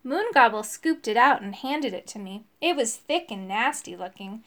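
Lively woman reading a storybook aloud. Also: fairly high pitch, moderate pace. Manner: lively, voices each character.

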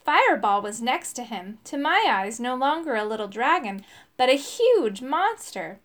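A woman's voice: high-pitched, sing-song, normal speed, fairly bright tone. A woman reading a children's story aloud, giving each character a voice.

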